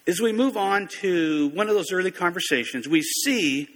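Bright-voiced preacher in an echoing hall. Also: male voice, high voice, lively intonation, moderate pace. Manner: conversational, self-correcting, folksy asides. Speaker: pastor. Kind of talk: sermon. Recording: long reverb of a large hall.

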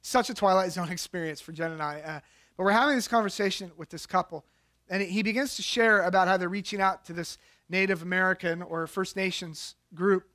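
A middle-aged man, a pastor, giving a sermon in a conversational storytelling way, growing animated as he tells a personal story. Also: high voice, brisk. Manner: conversational storytelling, animated when telling anecdotes.

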